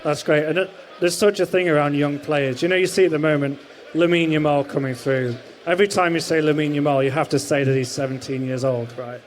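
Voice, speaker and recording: A man's voice: fairly high pitch, steady tone, fairly quick, a little hiss or hum. A male podcast host asking friendly, conversational questions in a live stage interview.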